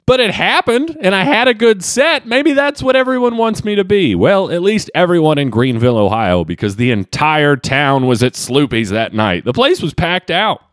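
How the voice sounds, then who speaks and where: Male comic podcaster, slight Kentucky twang, a bit high-pitched, rambling. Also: moderate pace, few pauses, no echo, clean studio sound. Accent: slight Southern twang. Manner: animated, jumps pitch for comic emphasis, self-mocking. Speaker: podcast host and stand-up comedian. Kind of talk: rambling solo podcast monologue.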